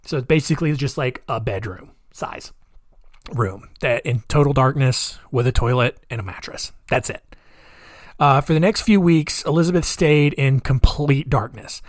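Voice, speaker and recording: A man's voice: mid-range voice, normal speed, no room sound, studio quality. A man hosting a solo podcast, telling a crime story casually with many fillers and offhand asides. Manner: conversational, with filler-heavy asides. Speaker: podcast host.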